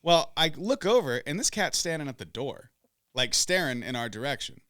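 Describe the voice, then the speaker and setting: A man hosting a podcast, telling stories in a loud, profane, animated way. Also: fairly high pitch, moderate pace, dry recording, clean studio sound. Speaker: podcast host. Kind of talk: casual chat, storytelling.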